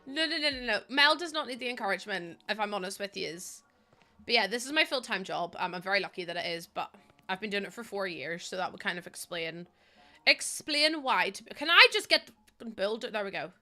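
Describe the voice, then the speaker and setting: A woman's voice: mid-range voice, expressive, fairly quick, bright, forceful tone. A young woman with a Northern Irish accent, chatting casually and self-mockingly while live-streaming, often laughing and reading chat aloud. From Northern Ireland.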